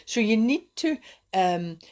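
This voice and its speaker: A woman's voice: on the high side, expressive, slow, a little mellow. A middle-aged woman, hosting a rambling, encouraging self-help talk on a live stream. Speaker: host.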